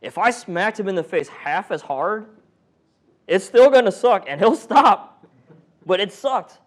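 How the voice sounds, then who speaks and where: A high-voiced paramedic instructor speaks at a measured pace, keeping his class informal and full of jokes. He quizzes everyone and brings patient and monitor voices to life.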